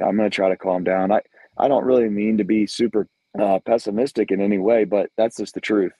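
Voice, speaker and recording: A man's voice: fairly low pitch, no room sound, dull audio. A man co-hosting a sports podcast, delivering a blunt, emphatic, repetitive rant. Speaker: co-host.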